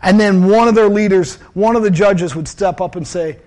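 High-voiced man preaching earnestly. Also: normal speed, a little mellow. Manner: earnest, conversational preaching with personal stories; repeats phrases for emphasis. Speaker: pastor. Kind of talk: sermon.

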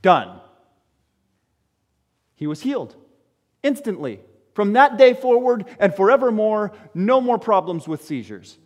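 A man preaching a sermon to his congregation, firing off rhetorical questions and swinging between loud exclamations and quiet, low asides. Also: big pitch swings, a little slow, long pauses, long reverb tail. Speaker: pastor.

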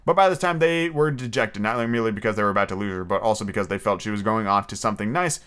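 A man's voice: lowish voice, quick pace, a bit bright, clean tone. A man hosting a podcast, chatting casually and reading a book aloud, with fillers and blunt asides. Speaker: podcast host. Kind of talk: casual chat and storybook reading.

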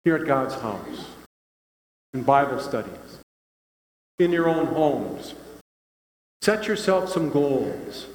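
Older pastor preaching in a reverberant church. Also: male voice, mid-range voice, lively intonation, slow pace, long pauses. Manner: folksy, conversational storytelling. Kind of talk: sermon. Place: church sanctuary. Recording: echoey church hall.

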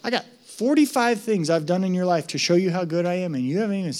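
A man's voice: high-pitched, fast, a little mellow, lightly acted. A man voicing God as people imagine him, a male figure who is eager to forgive and pleads and repeats himself. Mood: annoyed.

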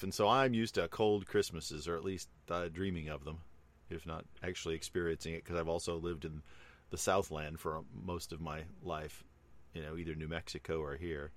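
A man's voice: sits low, fairly even intonation, normal speed. A middle-aged man hosting a casual chat, telling a long personal story in a rambling way with many fillers.

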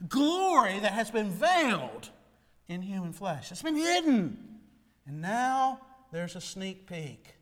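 A man preaching a sermon as a pastor, animated, with dramatic swings between soft and loud. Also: high voice, takes it slowly, big-room sound.

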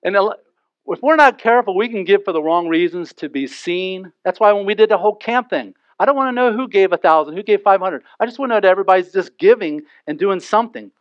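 High-voiced man preaching in a dull, dry recording. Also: fast, few pauses, dry recording. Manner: lively, acts out little scenes and quotes with humor. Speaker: pastor. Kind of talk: sermon. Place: church sanctuary.

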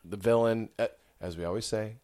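A man's voice: on the low side, fairly even intonation, brisk, darkish tone. A man co-hosting a podcast in casual chat, earnest and joking. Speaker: podcast co-host.

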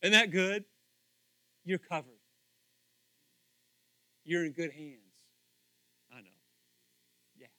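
A man preaching a sermon, animated and asking the congregation direct questions, moving from hushed asides to shouts. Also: sits high, slow, pauses often, no echo. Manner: talks straight to the congregation with questions. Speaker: pastor.

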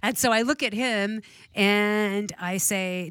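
A middle-aged woman chatting casually, telling a lively story, acting out the voices of the people in it and laughing often. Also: mid-range voice, slow pace, clear, resonant tone, dry recording. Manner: animated storyteller, acts out dialogue, laughs often. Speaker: real estate investor.

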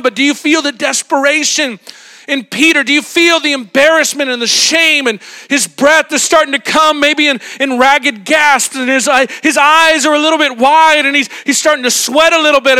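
Animated guy preaching, sharp bright tone, really acts the story out. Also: very high-pitched. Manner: animated, dramatic storytelling with acted-out quotes. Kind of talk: sermon.

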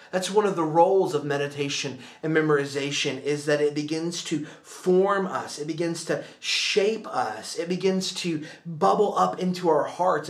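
A man pastor preaching a sermon in an earnest, repetitive cadence, dropping to a hushed voice for prayers. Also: a little high, reverberant.

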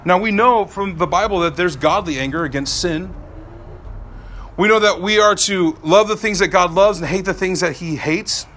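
Animated, bright-voiced male pastor preaching. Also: sits high, normal speed, slight background noise. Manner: animated, swinging from soft to loud. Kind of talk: sermon.

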